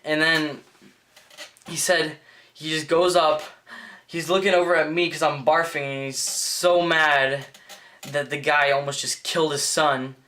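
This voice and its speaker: A teenage boy vlogger telling a story in a rambling, excitable way, full of fillers and restarts. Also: on the high side, measured pace. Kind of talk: casual storytelling vlog.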